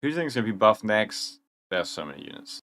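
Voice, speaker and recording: A man's voice: fairly low pitch, sing-song, fast, fairly bright tone. A young man hosting a casual livestream, rambling through chat questions in gamer slang. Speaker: livestream host.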